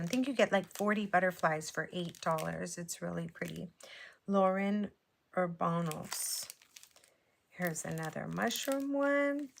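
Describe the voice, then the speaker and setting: A woman casually chatting through a show-and-tell of handmade cards, unhurried and admiring. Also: fairly low pitch, vocal fry, fairly bright tone, a little hiss or hum. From Hawaii. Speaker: papercraft vlogger.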